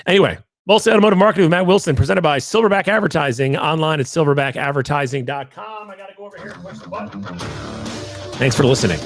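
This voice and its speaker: A man's voice: a little high, lively intonation, fast, no room sound, soft background music. A man hosting his own podcast, telling a story in a rambling, jokey, self-deprecating way. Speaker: podcast host. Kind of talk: casual solo podcast storytelling.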